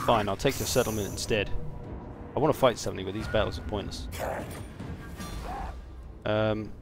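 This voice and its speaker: A man's voice: medium pitch, moderate pace, creaky, pauses often, over music. A man casually commenting on his game stream, chatting and swearing while answering viewers.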